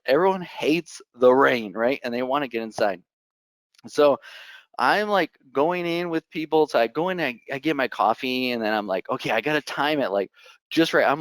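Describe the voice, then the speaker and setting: Young guy telling a conference story, lots of "like", laughs a lot, mid pitch, dry mic. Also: dry recording. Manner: animated, says "like" constantly, laughs often. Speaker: conference speaker. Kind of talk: casual storytelling talk.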